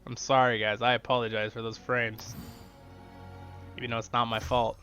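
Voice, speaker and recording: A man casually commentating his strategy gameplay, chatty and excitable, talking straight to his viewers. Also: mid-range voice, moderate pace. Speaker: gaming channel host. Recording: dull lo-fi sound with faint music.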